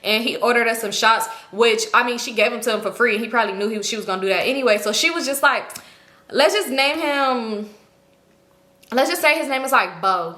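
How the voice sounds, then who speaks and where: Bright, animated young woman telling a story. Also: on the high side, fairly quick. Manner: animated, slangy, quotes others in small voices. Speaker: vlogger. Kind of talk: casual storytime. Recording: echoey room.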